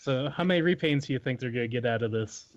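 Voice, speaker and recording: A man's voice: medium pitch, fast talker. Guy hosting a podcast, leads the topics, umms a bit, dull lo-fi sound. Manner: moderating, leading topics with fillers. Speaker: podcast host. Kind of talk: casual chat.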